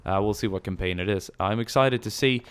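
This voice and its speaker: A man's voice: on the low side, brisk, smooth. A man giving casual, rambling gameplay commentary, musing aloud and swearing now and then. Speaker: gaming channel host.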